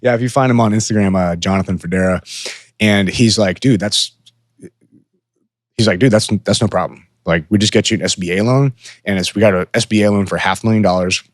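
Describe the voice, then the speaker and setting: Man, thirties, low-pitched voice, swears freely, candid podcast storytelling, dry close sound. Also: a little fast, dry recording. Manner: profane, candid, animated when quoting himself. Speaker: podcast co-host. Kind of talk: casual conversational storytelling.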